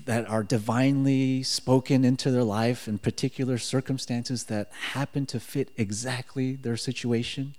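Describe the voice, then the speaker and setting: A man giving a personal faith testimony in casual storytelling style, animated and acting out quoted dialogue. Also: medium pitch. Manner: animated, acts out quotes, frequent "like" fillers.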